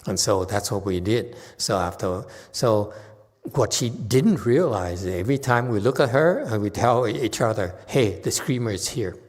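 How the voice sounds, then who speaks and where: A Buddhist teacher giving a Dharma talk and answering questions, animated and chuckling, often repeating himself. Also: male voice, lowish voice, a little slow, big-room sound.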